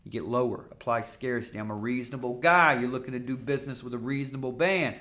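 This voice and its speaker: A man running a sales lesson, talking fast and loose with plenty of fillers. His tone is bright and forceful, and he regularly jumps into a louder, higher pitch to act out punchy call openers. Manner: acts out sales-call lines in a loud, high, punchy voice; casual, coaching, fast talk with fillers. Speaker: sales trainer.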